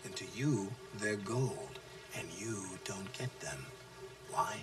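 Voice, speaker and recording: An actor playing a brash, abusive male sales trainer who taunts his listeners, shouting one moment and dropping to low menace the next. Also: animated, takes it slowly, over music. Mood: contemptuous. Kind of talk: film acting.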